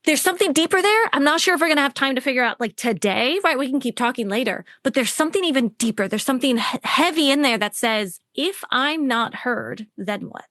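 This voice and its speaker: A woman coaching a client on a call, talking quickly and animatedly and acting out quoted voices. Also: expressive, fairly bright tone, dry recording, studio quality. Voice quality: voice others call squeaky. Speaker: relationship coach.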